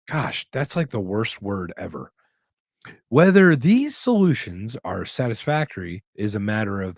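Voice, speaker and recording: A man's voice: on the low side, darkish tone, no room sound. A man hosting a casual podcast livestream, reading chat questions aloud and rambling with jokes and restarts. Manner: rambling, joking, with restarts and movie impressions. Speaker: podcast host.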